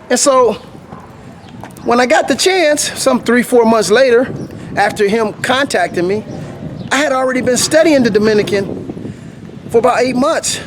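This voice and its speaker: A man with a fairly high voice talks through his story in a loose, animated vlog, acting out what people told him. He is walking uphill outside and sounds a little winded. Faint traffic hums behind him. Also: normal speed, long pauses. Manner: animated, laughs often, acts out what people said. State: slightly out of breath. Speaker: vlogger. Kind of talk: casual storytelling monologue.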